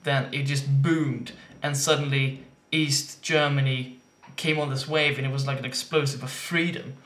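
A man in casual podcast chat, talkative and quick to laugh. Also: mid-range voice, steady tone, fairly bright tone, reverberant. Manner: chatty, laughs often, hesitant restarts.

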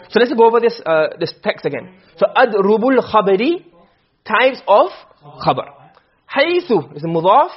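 A man teaching a lesson in Arabic rhetoric, explaining step by step and often checking that his students follow. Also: sits high. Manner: acts out short quoted exchanges. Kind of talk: classroom lecture. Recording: dull lo-fi classroom recording.

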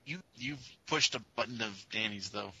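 A man's voice: fairly low pitch, normal speed, bright, forceful tone, husky, dry recording, rough recording. A man narrating and calling rules as game master of a tabletop game.

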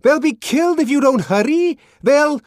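A man voicing a timid, panicky man who yells in a high, shrill, frantic voice. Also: big pitch swings, slow, no room sound, studio quality, heavily acted. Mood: panicked.

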